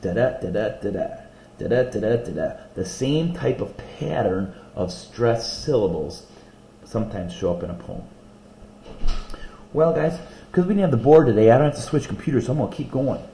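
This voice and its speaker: A male teacher in a recorded lesson video, explaining vocabulary and reading short poems aloud slowly and rhythmically. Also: mid-range voice, lively intonation, creaky, mellow, roomy sound, slight background noise.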